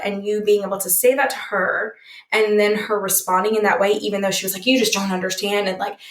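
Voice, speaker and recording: A young woman hosting a podcast, heartfelt and chatty, filling her speech with "like". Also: fairly high pitch. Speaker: podcast host. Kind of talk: casual conversational podcast. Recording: echoey room.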